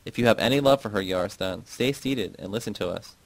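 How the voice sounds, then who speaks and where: A man's voice: on the low side, fast, creaky, no room sound, low-quality recording. A man reading as a stern, commanding friend. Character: forceful commanding adult man, family friend.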